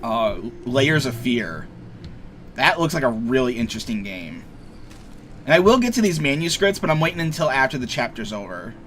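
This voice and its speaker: A man's voice: mid-range voice, sing-song, normal speed, fairly bright tone, a little hiss or hum. A young man casually commenting on a game he plays, rambling, joking and swearing freely. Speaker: let's play streamer.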